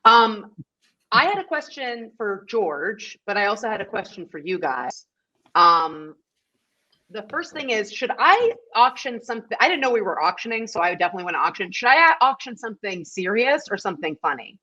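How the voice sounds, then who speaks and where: A woman's voice: medium pitch, sing-song, moderate pace, sharp tone, muffled recording. A woman guesting on a livestream, chatty and laughing as she rambles through a story. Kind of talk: casual livestream chat.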